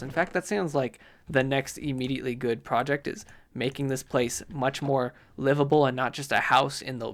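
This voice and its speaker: Gravelly man rambling over gameplay. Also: medium pitch. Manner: rambling self-talk, mock outrage. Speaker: gameplay commentator. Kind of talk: casual game commentary.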